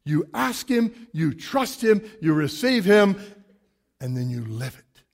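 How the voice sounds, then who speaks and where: A pastor delivering an emphatic, animated sermon full of rhetorical questions, moving around as he preaches to a church congregation. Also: fairly high pitch, slow, vocal fry. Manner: moves around a lot while preaching.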